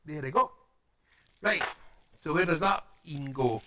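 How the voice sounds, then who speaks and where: A man's voice: on the high side, animated, measured pace, noisy background. A man chatting playfully as he builds a paper model, muttering to himself and making silly sound effects.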